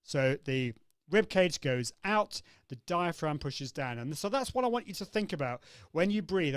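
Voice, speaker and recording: A man's voice: fairly high pitch, dry recording, studio quality. A man hosting a live online coaching session, upbeat and demonstrative, acting out vocal exercises as he explains them. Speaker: host.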